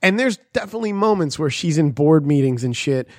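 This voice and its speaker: A man's voice: on the high side, expressive, fairly quick, a little mellow, dry recording, studio quality. A man co-hosting a podcast in crude, joking, rambling casual chat. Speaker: podcast co-host.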